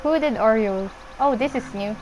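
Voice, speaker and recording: A young woman casually commenting on her gameplay, chatting to the animals on screen and squealing when excited. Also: fairly high pitch, normal speed, slight background noise, low-quality recording. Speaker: gameplay streamer.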